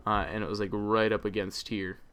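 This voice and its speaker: A man's voice: on the low side, flat delivery, a little fast, a bit bright, smooth. A man hosting a let's play, chatting casually over his gameplay and rambling with many ums and uhs.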